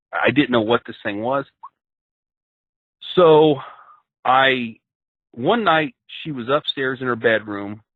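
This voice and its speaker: A man's voice: mid-range voice, dry recording. A man from Ohio earnestly recounting a frightening personal encounter as a guest, often stumbling and repeating words as he goes. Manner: earnest, repeats and restarts words when shaken. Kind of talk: first-person storytelling on a call-in show. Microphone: phone line. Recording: tinny dry phone line.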